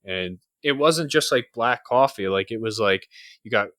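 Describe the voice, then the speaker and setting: A man's voice: lowish voice, lively intonation, normal speed, a bit bright, no room sound, clean studio sound. A young man with an upstate New York accent, chatting casually on a podcast, swearing often and filling with "like". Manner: casual, swears a lot, many fillers. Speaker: podcast co-host. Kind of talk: casual chat.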